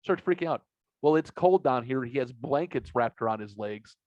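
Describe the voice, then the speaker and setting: This podcast host, a man with a mid-range voice at normal speed, rambles casually through a long, profane story, retelling it with animation. The recording is dry, dull and lo-fi.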